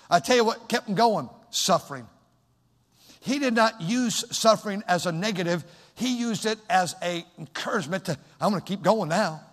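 A high-pitched man preaches a sermon in a church sanctuary. His voice echoes with a long hall reverb. He drifts between soft, low storytelling and loud, shouted calls to the congregation.

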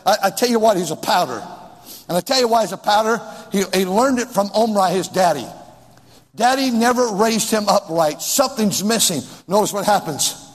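A man preaching a sermon, reading King James scripture and hammering home repeated exhortations, with a husky voice. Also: sits high, moderate pace. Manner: exhorting, repetitive refrains, mocks voices in quotes. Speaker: pastor. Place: church sanctuary. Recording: echoey hall reverb.

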